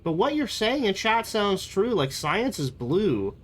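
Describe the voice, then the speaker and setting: Slow, playful rambling streamer. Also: medium pitch, sing-song. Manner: rambling, playful, jumps between topics. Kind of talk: casual live-stream chat.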